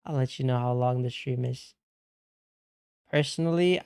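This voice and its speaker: A man's voice: mid-range voice, normal speed, gravelly, pauses often, mellow, clean tone. A man streaming casually, chatting slangily and calling everyone bro while answering his chat.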